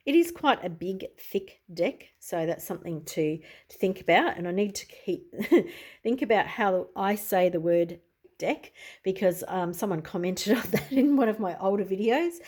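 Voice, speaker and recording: A woman's voice: medium pitch, expressive, normal speed, darkish tone. A middle-aged Australian woman, a tarot reader, chatting easily in a show-and-tell video, often adding "you know" and "I suppose.".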